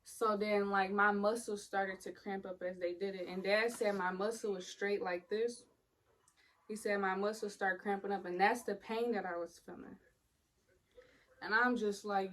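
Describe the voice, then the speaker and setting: A woman's voice: medium pitch, level tone, moderate pace, poor audio. A young woman, casually telling the story of a painful hospital stay, blunt and profane, acting out the other people in it.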